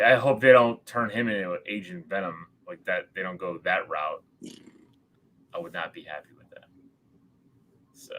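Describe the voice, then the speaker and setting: Low bright-voiced man, hesitant. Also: low-quality recording. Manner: hesitant, repeats words, restarts often. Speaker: podcast co-host. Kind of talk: casual livestream chat.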